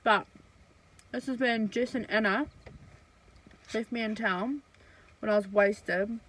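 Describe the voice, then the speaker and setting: A woman's voice: on the high side, steady tone, slow pace, fairly bright tone, husky, rough recording. Chatty, foul-mouthed young woman vlogger. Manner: chatty and blunt, swears freely, many fillers. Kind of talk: casual storytime.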